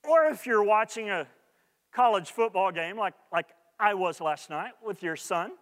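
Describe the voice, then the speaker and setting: A man's voice: high voice, a little slow, a bit bright, big-room sound. A man preaching a sermon as pastor, earnest and repeating his key points for emphasis.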